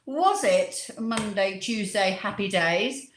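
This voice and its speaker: A woman's voice: mid-range voice, animated, slow, a little hiss or hum. A woman hosting a quiz on a live cocktail show, playful and teasing in a casual chat. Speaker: quiz host on a cocktail livestream. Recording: echoey room.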